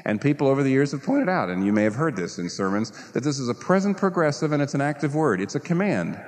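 A man's voice: mid-range voice, fast. Guy preaching a sermon, voice all over the place, asks the crowd questions, big echoey hall. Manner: animated, rhetorical questions, acts out inner voices. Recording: long reverb of a large hall.

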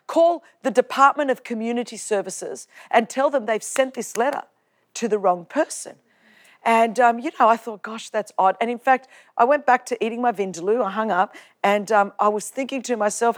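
A woman with an Australian accent giving a personal testimony talk, animated and humorous, acting out the lines she quotes. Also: medium pitch, moderate pace. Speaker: preacher.

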